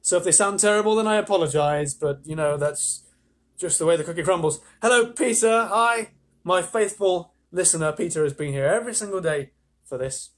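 A man reading a children's story aloud on a live stream, chatty, with playful asides, his voice slightly husky. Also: sits high, a little fast.

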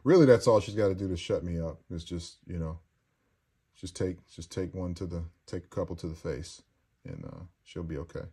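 With a deep, warm voice that has a breathy edge, a man speaks at normal speed while hosting a loose, casual chat. He reads viewer comments aloud, joking crudely and rambling between subjects.

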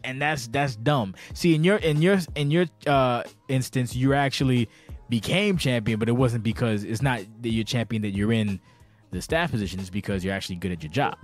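A podcast host with a mid-range voice rants in a brisk, casual chat over soft background music. He sounds a little tipsy, rambling and animated, swearing freely and stumbling over words, often stuttering and restarting.

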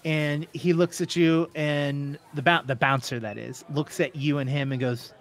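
Casual male game master, fairly high voice, halting narration. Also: fairly even intonation.

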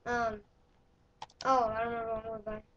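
Excitable high-voiced woman gaming. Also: fast. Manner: excitable, shrieks and yells when in danger; playful, swaps swearing for mild words. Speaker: gameplay commentator. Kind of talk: casual gameplay commentary. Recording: dull lo-fi recording with faint noise.

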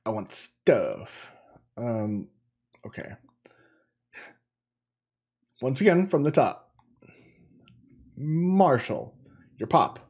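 A gaming host speaks extremely slowly and pauses often, his medium-pitched voice darkish, slightly rough, and full of big pitch swings. It's casual let's-play commentary, with him thinking aloud and restarting as he stumbles through the on-screen text.

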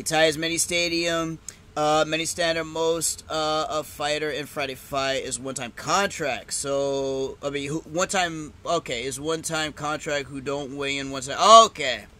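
A man calls the fight casually for his live stream audience, his voice pitched high and ringing very bright. He talks loosely, swears freely and erupts into shouts when a fighter goes down. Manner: excitable, swears, shouts at big moments. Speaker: live stream reaction host.

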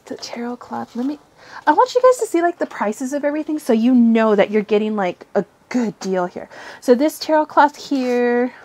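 A young woman, talking in a giddy, gushing rush as she unboxes items. Her voice sits a little high, with frequent giggles and the odd swear word between casual chat to viewers. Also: a little mellow. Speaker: tarot reader and unboxing vlogger. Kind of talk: excited casual unboxing vlog.

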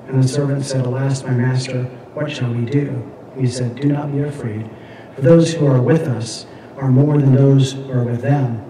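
Crowd noise surrounds this medium-pitched man with a steady tone as he teaches a Bible class. He lectures and reads scripture aloud haltingly, full of fillers and restarts, captured by a distant mic in an echoey room.

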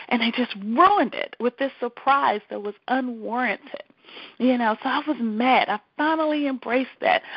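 A woman's voice: fairly high pitch, no room sound, highs cut off. A woman hosting a talk radio show, speaking in an emphatic, repetitive and emotional personal monologue.

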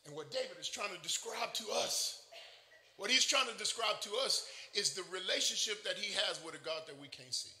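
A high, gravelly male pastor preaches to his congregation. His sharp, bright voice swings from playful asides to fervent shouting. It rings through an echoey church room. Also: animated. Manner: rising to fervent shouting, quick joking asides. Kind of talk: sermon. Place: church sanctuary.

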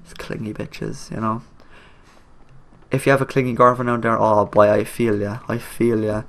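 A man's voice: on the low side, little pitch movement, moderate pace, vocal fry. A young man with an Irish accent, rambling jokily over a video game he plays, talking back at the characters on screen and swearing a lot. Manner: coarse slang and swearing. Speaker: gaming YouTuber. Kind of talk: let's play commentary.

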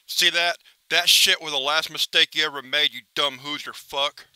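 A man's voice: on the high side, normal speed, bright, forceful tone, clear, resonant tone, no room sound, low-quality recording. Man doing a menacing paranoid cartoon pelican. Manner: defensive, demanding and threatening.

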